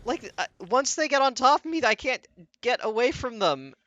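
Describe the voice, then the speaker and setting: Exasperated, high-voiced male game streamer. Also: sing-song, moderate pace, dull audio, slight background noise. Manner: exasperated, swears often, reacts aloud to the game. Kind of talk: casual gameplay commentary. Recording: loud game music in the background. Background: game music and sound effects.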